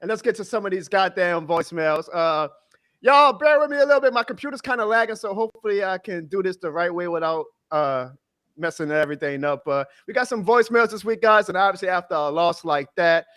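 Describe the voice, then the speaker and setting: A man with a fairly high voice hosts a sports livestream in a playful, hyped way. He hands out shout-outs and keeps the show moving with loose, easy chat. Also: a little fast, no room sound, studio quality. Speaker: show host. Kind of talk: casual livestream talk show.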